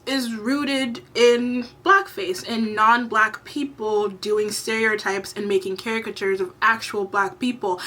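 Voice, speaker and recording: A woman's voice: fairly high pitch, bright, forceful tone. A young woman giving a heated, exasperated commentary vlog rant, swearing freely. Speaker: YouTube commentator.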